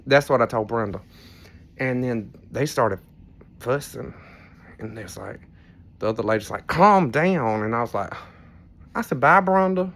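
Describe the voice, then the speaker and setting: A man's voice: medium pitch, normal speed, gravelly, long pauses. A tipsy man, rambling through a casual storytelling vlog from a cruise ship cabin with frank asides and some cursing. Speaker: vlogger.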